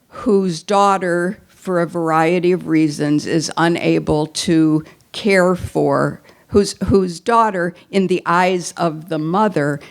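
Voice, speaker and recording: A woman's voice: deep voice, gravelly. An older woman giving a live talk that recommends books, chatty and enthusiastic, with many fillers and restarts. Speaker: book recommendation speaker. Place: event hall at a breakfast gathering.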